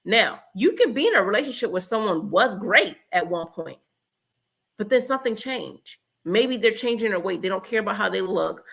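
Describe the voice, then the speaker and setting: A woman's voice: medium pitch, lively intonation, moderate pace, vocal fry, fairly bright tone. A woman hosting a relationship advice talk, blunt and emphatic, acting out little example conversations. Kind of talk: direct-to-camera advice talk.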